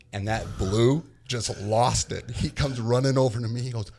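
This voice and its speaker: A middle-aged man in casual podcast chat, an animated storyteller who often repeats words as he starts a sentence. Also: on the low side, moderate pace. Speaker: podcast guest.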